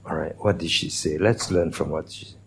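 A pastor preaching a sermon in a church, teaching in a conversational way and putting questions to the congregation. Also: male voice, a bass voice, brisk, creaky, a bit bright, a little hiss or hum.

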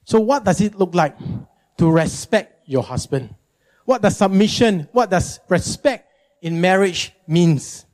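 A male pastor preaching a sermon, animated and emphatic, often repeating words for effect. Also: a little slow. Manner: animated, emphatic, jumps into high mimicking.

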